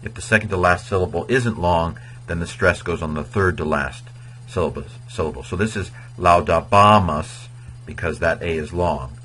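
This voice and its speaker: A man with a low, husky voice gives a casual grammar lesson. He talks in a chatty, wandering way with lots of fillers and now and then chants word endings in a sing-song beat. His tone is bright and forceful. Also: normal speed, low-quality recording. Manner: chatty and digressive, with many fillers. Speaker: Latin teacher. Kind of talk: informal video lecture on grammar.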